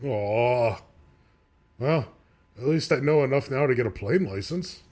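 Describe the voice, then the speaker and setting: A man's voice: mid-range voice, lively intonation, a little slow, darkish tone. A man voicing a jittery, whiny male fight commentator in a cartoon. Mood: nervous.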